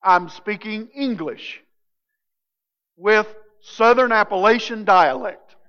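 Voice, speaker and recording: High-voiced preacher in a reverberant hall. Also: male voice, slow pace. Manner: animated, swings from loud emphatic to quiet low. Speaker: pastor. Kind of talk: sermon. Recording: dull lo-fi sound with long hall reverb.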